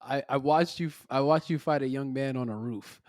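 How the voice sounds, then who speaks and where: A man's voice: mid-range voice, brisk, no room sound. Laid-back man hosting, dry sound. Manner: relaxed, laughing, many restarts. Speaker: podcast host. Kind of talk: casual interview chat.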